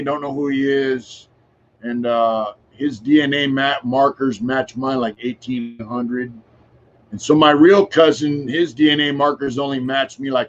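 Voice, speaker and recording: A man around sixty, appearing as a podcast guest, speaks in a mid-range voice, telling casual stories frankly and at length. He uses frequent filler phrases and some swearing, and the recording sounds dull and a little muffled.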